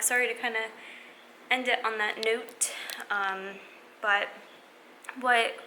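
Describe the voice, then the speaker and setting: A young adult woman vlogging to camera, speaking in an earnest, halting way with many restarts. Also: medium pitch, bright, forceful tone, slight background noise, low-quality recording. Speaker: fitness vlogger. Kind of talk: casual vlog talk to camera.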